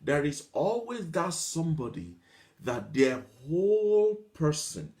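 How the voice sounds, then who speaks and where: A man's voice: a little high, very animated, slow pace, a little mellow. A man giving a motivational talk, stacking up long repetitive lists of examples, mimicking whiny complainers and laughing lightly between points. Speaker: motivational speaker.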